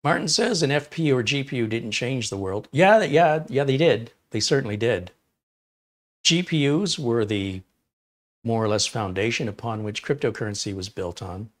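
A man's voice: mid-range voice, lively intonation, moderate pace. A man hosting a live tech stream, reading viewer chat and giving opinionated, enthusiastic answers. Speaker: livestream tech host.

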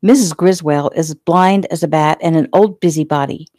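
A woman voicing a spirited, no-nonsense private nurse who talks sharp, indignant and firm. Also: deep voice, normal speed, no room sound, clean studio sound, natural voice.

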